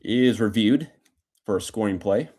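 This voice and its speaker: A man's voice: lowish voice, normal speed. Man calling live football reactions. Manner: excited swings between shouting calls and quiet asides. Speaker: sports talk host.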